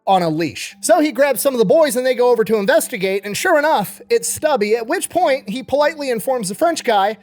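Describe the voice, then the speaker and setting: A man's voice: very high voice, lively intonation, brisk, hardly any pauses, a little mellow. A man hosting a casual, comedic retelling of history in a profane, wisecracking, conversational way. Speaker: host.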